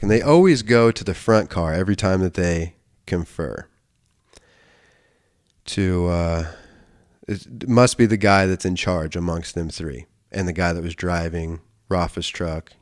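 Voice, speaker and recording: Low-voiced man telling a story. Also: a little mellow. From United States. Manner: rambling, profane, frequent restarts and self-corrections. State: emotional, near tears at times. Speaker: podcast host. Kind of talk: casual storytelling monologue.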